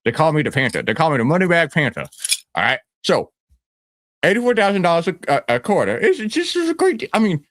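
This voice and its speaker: A man's voice: fairly high pitch, huge pitch swings, quick pace, a bit bright, no echo, clean studio sound. A man playing a brash, boastful stock-hype guru who talks in swaggering slang and rambles. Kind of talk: comedic character skit.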